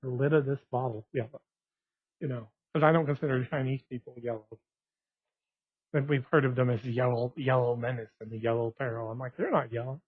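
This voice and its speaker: A man's voice: mid-range voice, steady tone, a little fast, slightly rough, no echo. A man from West Texas, talking in a rambling, digressive monologue full of restarts. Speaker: blogger. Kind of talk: casual monologue. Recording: tinny phone-like dry sound.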